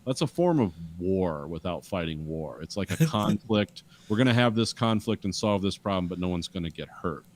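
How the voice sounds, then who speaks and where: A man in casual podcast chat, rambling with restarts and acting out quotes from a show. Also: sits low. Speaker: podcast co-host.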